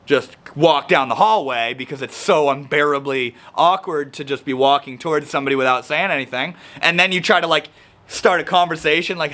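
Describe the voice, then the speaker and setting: A young man talking casually to camera, explaining social anxiety and acting out the people he quotes. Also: on the high side. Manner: animated, acts out quoted people. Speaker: self-help video host.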